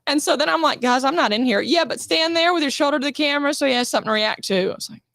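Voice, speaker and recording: A fairly high-voiced woman tells lively stories from her acting jobs, jumping into quoted voices and cursing freely. The sound is dry and close on a podcast mic. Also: racing, vocal fry, dry recording. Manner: animated, swearing, acting out quotes. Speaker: guest actress. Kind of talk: casual storytelling interview.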